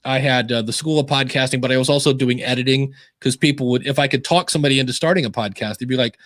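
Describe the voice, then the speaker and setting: A man's voice: medium pitch, fast talker, hardly any pauses, no room sound, studio quality. Chatty man acting out his stories. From Ohio. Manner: animated storyteller acting out quoted voices. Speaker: podcasting guest. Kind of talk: casual interview storytelling. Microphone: video call.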